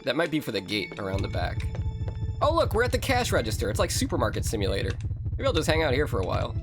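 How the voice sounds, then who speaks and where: A man's voice: mid-range voice, fast talker. A man streaming a horror video game, joking and chatting to his viewers as he plays. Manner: animated, joking, talks to chat. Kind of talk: let's-play commentary. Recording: game music under voice. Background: game music.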